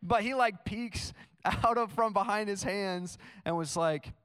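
A man's voice: high-pitched, measured pace, fairly bright tone, smooth. A young man preaching a sermon in a casual, storytelling way, full of "like" fillers. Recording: long hall reverb.

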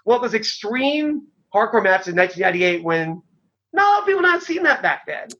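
High-voiced man rambling through war stories. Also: sing-song, fairly quick, sharp tone. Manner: rambling, filler-heavy, swears freely. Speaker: former pro wrestler, guest. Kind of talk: casual storytelling. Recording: dull lo-fi sound.

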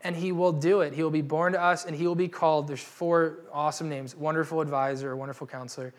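A young man giving a casual, humorous sermon as a pastor, acting out the people in the story with slang and quick asides. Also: fairly high pitch. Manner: animated, acts out quoted voices with slang. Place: church gathering.

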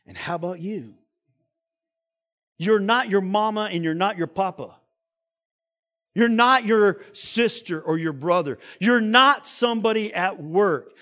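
A male pastor preaching a sermon, dramatic, swinging between loud emphasis and quiet asides. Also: high voice.

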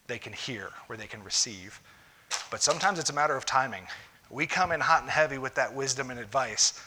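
A pastor delivers a relaxed, conversational sermon with a bright, forward voice. He talks in a folksy way, straight to his listeners, and slips into quoted voices to act out what people say. His pitch sits in the middle for a man.

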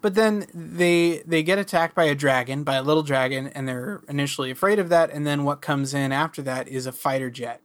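A co-host with a mid-pitched voice, recapping a cartoon episode in casual podcast chat. The talk runs on with quick asides and little quoted lines.

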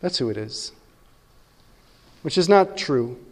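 A man's voice: on the high side, lively intonation, slow pace, big-room sound. A man preaching a sermon as pastor, talking conversationally and often asking his listeners "right?".

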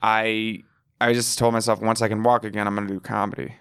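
A man's voice: lowish voice, level tone, fairly quick, a bit bright, clean tone. A young man from St. Louis, a stand-up comedian, chatting loosely on a podcast and swearing freely. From St. Louis, Missouri. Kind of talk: casual podcast chat.

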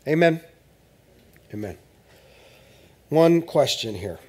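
A man with a somewhat high voice delivers a sermon in a church. He talks to the congregation like friends, mixing jokes with earnest appeals. He swings between loud bursts and hushed asides. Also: big pitch swings, takes it slowly. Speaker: pastor.

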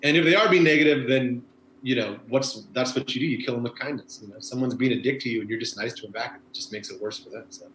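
A man's voice: mid-range voice, fast talker, fairly bright tone, echoey room, slight background noise, low-quality recording. A man, a former bike messenger, chatting casually and rambling with lots of fillers. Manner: rambling, laid-back, many fillers like "you know". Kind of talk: casual conversation.

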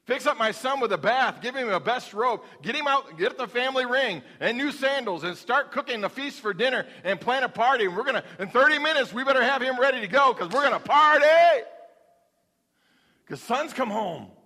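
A man as an overjoyed father calling for a feast, bright tone, reverberant hall. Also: high voice, extremely slow, long pauses, heavily acted. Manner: excited, rising to a shout. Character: forgiving father, joyful and commanding, ordering servants.

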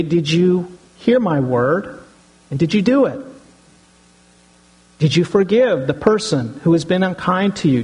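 A man's voice: a little high, darkish tone, slightly rough, rough recording. A middle-aged man, a pastor, preaching an earnest sermon and often addressing the congregation as brothers and sisters.

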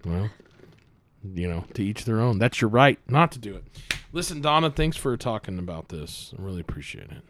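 A man's voice: fairly low pitch, animated, moderate pace, a bit bright, a little hiss or hum. A man hosting a casual podcast, joking and teasing his co-host as he talks.

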